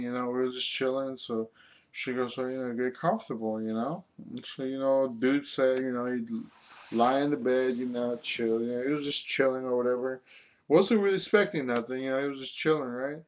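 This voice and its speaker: A young man telling a story from his own life in a rambling, casual way, full of filler words and swearing. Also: mid-range voice.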